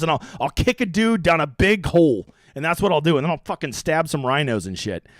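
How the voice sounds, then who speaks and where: Brash, fast-talking young man streaming. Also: on the high side, sing-song, dry recording, clean studio sound. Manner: brash, profane, rambling. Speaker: fantasy sports streamer. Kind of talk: profane live-stream strategy talk.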